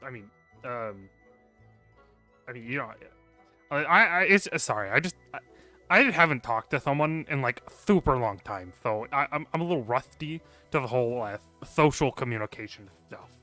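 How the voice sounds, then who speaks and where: A man's voice: mid-range voice, lively intonation, moderate pace, bright, forceful tone, soft background music. A man voicing a lonely, rude male kobold who lives in a burrow, switching between brusque snapping and awkward stammering. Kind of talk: tabletop role-play voice.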